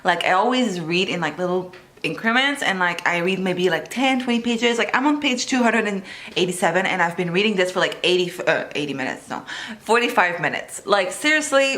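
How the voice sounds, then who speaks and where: A woman chatting casually in a reading vlog, excitable and gushing, filling her talk with "like" and the odd swear word. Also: on the low side, a little fast, slight background noise. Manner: excitable, gushing, heavy use of "like" fillers. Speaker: book vlogger.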